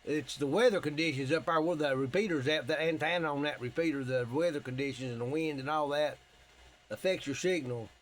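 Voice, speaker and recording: Ham operator, fairly high, easygoing demo voice, light hiss behind. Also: male voice, brisk. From Tennessee. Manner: relaxed, plain-spoken, explains as he goes. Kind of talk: casual radio demo and on-air calls.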